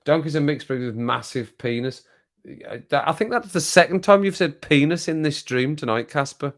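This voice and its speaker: A man's voice: fairly high pitch, lively intonation, normal speed, fairly bright tone. A man hosting a casual live stream, chatting and reading viewer comments aloud with frequent laughter.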